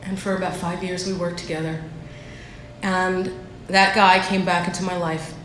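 A woman's voice: fairly low pitch, level tone, normal speed, a bit bright. A woman giving a personal recovery share at a meeting, candid and self-deprecating in how she tells her story. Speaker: speaker sharing at a recovery meeting. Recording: echoey room, faint background noise.

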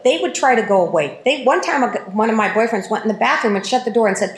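A woman's voice: a little high, expressive, quick pace, few pauses. Candid woman sharing her story in an echoey room. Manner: candid, self-mocking, laughs at herself. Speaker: recovery meeting speaker. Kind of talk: personal testimony talk.

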